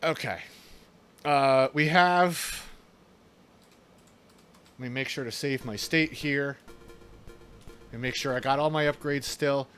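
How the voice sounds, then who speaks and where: A man's voice: mid-range voice, slow pace, pauses often, fairly bright tone, clear, resonant tone, soft background music. A man from New York with an Italian-American New York accent, chatting casually and laughing while streaming a game. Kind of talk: casual chat while gaming.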